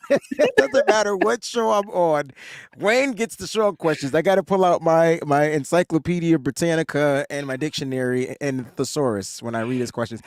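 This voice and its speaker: A man's voice: fairly high pitch, dry recording, studio quality. A man co-hosting a casual sports podcast, joking and laughing as he teases the others. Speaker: podcast co-host. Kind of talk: casual chat.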